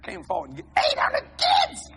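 An American man preaching a sermon, telling stories in an animated way, shouting and laughing as he goes. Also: sits high, normal speed, gravelly, heavy background noise. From United States. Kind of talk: storytelling sermon.

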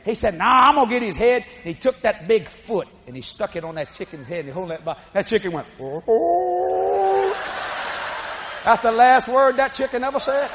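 A middle-aged man preaching a sermon, telling a story with animated, shouting delivery. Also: high-pitched, quick pace, hardly any pauses, in a large hall, noisy background.

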